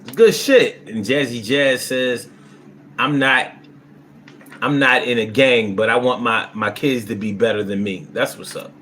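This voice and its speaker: Over slight background noise, a man with a mid-range voice and measured pace hosts a live stream, voicing viewers' comments and responding to them. He is blunt and profane throughout, now and then erupting into loud, lively outbursts in this casual chat.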